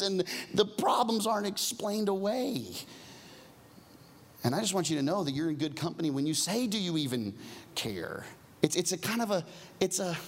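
A man preaching a sermon, swinging from loud, high emphasis down to soft, hushed near-whispers. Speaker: pastor.

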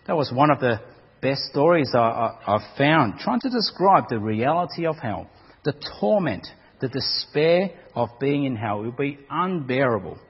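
A man's voice: mid-range voice, sing-song, normal speed, slightly rough. A man preaching a sermon in a dramatic way, often repeating words as he goes. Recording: dull recording with long hall reverb.

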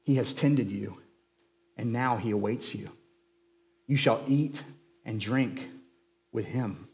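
A man voicing a wise, kindly old male wizard who speaks softly and measuredly, reading a novel aloud in a sermon. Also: mid-range voice, lightly acted. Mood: calm. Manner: soft and measured.

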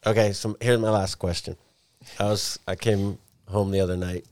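A man hosting a podcast, asking a guest questions in a relaxed, curious way. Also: lowish voice, normal speed, no room sound. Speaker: podcast host. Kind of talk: casual chat.

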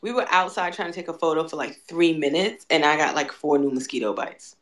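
A young adult woman co-hosting a podcast, telling stories in an animated way and laughing often. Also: sits low, a little fast. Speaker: podcast co-host. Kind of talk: casual chat.

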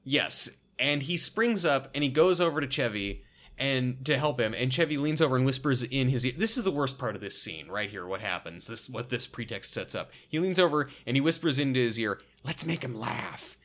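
A man's voice: medium pitch, fairly quick. A man co-hosting a podcast, chatting casually and mocking a movie as he retells its scenes. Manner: animated, retells scenes and mocks dialogue. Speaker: podcast co-host reviewing a movie. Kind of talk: casual chat.

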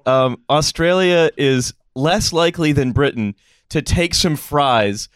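A man's voice: on the high side, slow, clean tone, no room sound, studio quality. A male podcast host opening a live comedy show on stage, rambling with lots of "uh" and "um" and laughing at his own jokes. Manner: rambling, filler-heavy, laughing.

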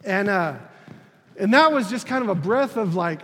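A man's voice: sits high, expressive, a bit bright, in a large hall. Man, 30s, church preacher, earnest testimony, stumbles and repeats, faint room noise behind. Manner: halting, repeats words and restarts, earnest. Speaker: preacher on a church leadership team. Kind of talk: personal testimony sermon.

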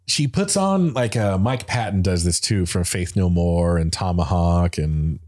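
A man's voice: deep voice, animated, unhurried, darkish tone. A man talking casually and enthusiastically about music, rambling with lots of fillers and restarts.

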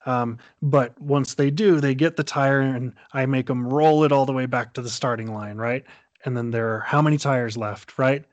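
A man's voice: mid-range voice, steady tone, moderate pace, dry recording, muffled recording. A man in casual podcast chat, animatedly retelling a story and acting out the dialogue.

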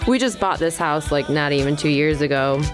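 A woman co-hosting a podcast, telling a casual story in an animated way, acting out quotes and laughing as she goes. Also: low-pitched, brisk, faint music behind. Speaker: podcast co-host.

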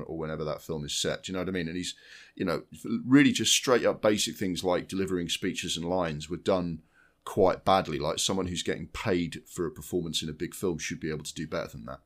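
A man's voice: sits low, a little fast. A man co-hosting a podcast, chatting casually about films in a blunt, sweary way with many restarts. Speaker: podcast co-host. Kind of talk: casual film chat.

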